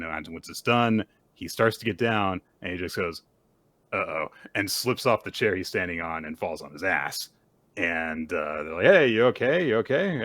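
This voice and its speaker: Male co-host, lowish bright voice, animated storyteller, dry close sound. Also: no echo. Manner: animated retelling, jumps high when quoting characters. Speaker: podcast co-host. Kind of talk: casual recap chat.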